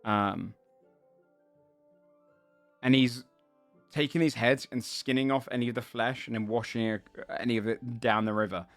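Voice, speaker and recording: A man running a tabletop game as game master, describing the scene in halting, filler-laden narration. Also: medium pitch, fairly even intonation, no echo, faint music behind.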